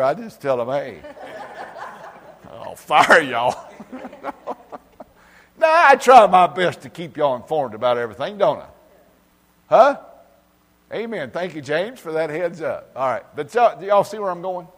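A man preaching an informal sermon, talking directly to people by name and swinging from loud emphasis to quiet asides. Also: on the high side, in a large hall. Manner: folksy, talks directly to congregation members by name. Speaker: pastor. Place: church.

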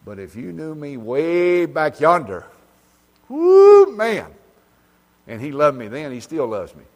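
A man preaching an informal sermon, talking directly to people by name and swinging from loud emphasis to quiet asides. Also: fairly high pitch, very animated, measured pace, big-room sound. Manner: folksy, talks directly to congregation members by name. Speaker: pastor. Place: church.

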